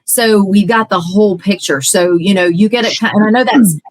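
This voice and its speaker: A woman's voice: medium pitch, a little fast, no room sound, low-quality recording. A woman coach in a podcast conversation, earnest and talking in long, flowing run-on sentences.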